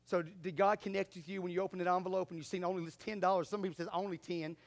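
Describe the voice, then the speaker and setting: A man preaching a sermon, animated, moving between quiet asides and loud shouts. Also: sits high, rapid-fire. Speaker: pastor.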